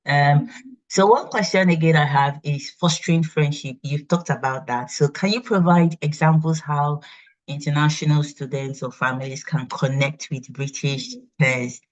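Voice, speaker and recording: A woman's voice: low-pitched, moderate pace. Woman hosting, muffled sound. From Nigeria. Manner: lively, chatty, asks questions. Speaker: workshop host. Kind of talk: conversational interview. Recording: slightly dull, muffled audio.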